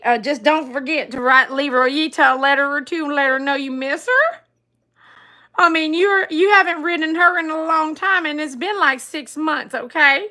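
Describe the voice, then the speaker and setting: A woman's voice: sits high, unhurried, pauses often, bright, forceful tone. A woman hosting a casual live stream, reading viewer comments aloud and laughing often. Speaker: livestream host reading chat.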